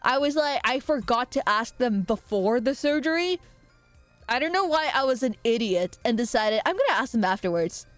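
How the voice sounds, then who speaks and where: A young woman chats live with her viewers in a bright, higher voice that sits close and dry on the mic. She teases them playfully and fires off quick asides. Soft background music runs underneath. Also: expressive, no room sound. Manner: playful, teasing, quick asides and frequent laughter. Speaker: streamer. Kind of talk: casual live-stream chat reading viewer comments.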